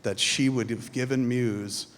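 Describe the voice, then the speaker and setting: A filmmaker telling profane, animated stories live on a theatre stage, mimicking his friends in quick quoted asides. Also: medium pitch, a little hiss or hum. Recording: reverberant theatre hall, faint ambience.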